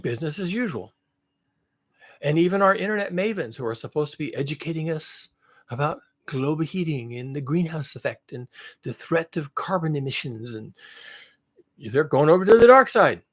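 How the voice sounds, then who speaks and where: A man's voice: on the high side, lively intonation, moderate pace. A man delivering a heated, profane monologue, mocking and piling up repetitive lines as he builds. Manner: mocks others in sarcastic voices. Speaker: climate commentary channel host. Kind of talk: angry monologue rant.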